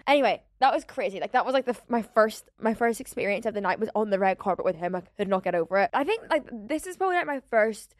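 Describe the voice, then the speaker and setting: Fast-talking woman podcaster. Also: mid-range voice, lively intonation, dry recording, clean studio sound. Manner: rambling and chatty, constant "like" fillers, swearing. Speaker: podcast host. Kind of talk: casual solo podcast chat.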